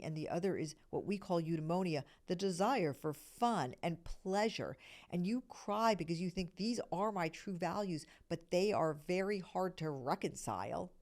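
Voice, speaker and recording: A middle-aged woman hosting a podcast, explaining a self-discovery method in an earnest, conversational teaching manner, often checking in with "okay?" and dropping into soft whispered asides. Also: fairly low pitch.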